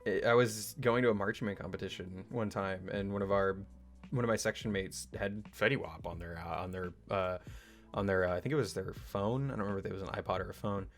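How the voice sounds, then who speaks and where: A young man co-hosting a casual chat, chuckling often and talking in halting bursts with fillers. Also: low voice, soft background music. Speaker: co-host.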